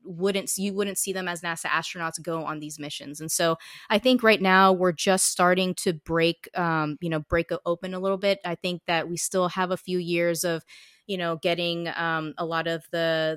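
A woman's voice: on the low side, level tone, moderate pace, a bit bright, dry recording, studio quality. A woman guest chatting casually about her work, with many fillers and restarts. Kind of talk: casual chat.

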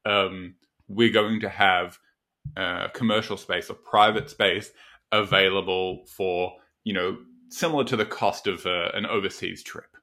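A man's voice: deep voice, fairly even intonation, unhurried, pushed and bright. A man co-host asking a question casually, stammering and laughing through his words. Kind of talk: casual chat.

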